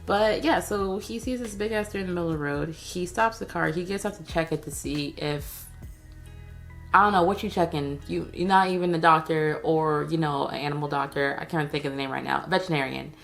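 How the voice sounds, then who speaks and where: A woman's voice: deep voice, a little fast, creaky, faint music behind. A woman giving a casual, sarcastic recap of a TV episode, chatty and full of slang. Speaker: TV recap vlogger.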